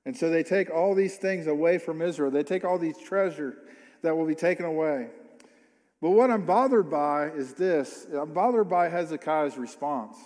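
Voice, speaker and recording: A man's voice: on the high side, moderate pace, darkish tone. A man preaching a sermon, reading scripture aloud and then commenting on it with rising emphasis and repeated questions. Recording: long hall reverb.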